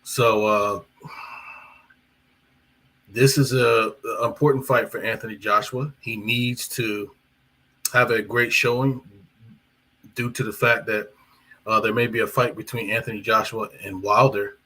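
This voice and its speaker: A man's voice: lowish voice, fairly even intonation, measured pace, pauses often, sharp tone, slightly rough, rough recording. A man hosting a live boxing talk stream, chatting in a rambling way with fillers and self-corrections. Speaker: boxing commentator and channel host. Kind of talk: casual live-stream commentary.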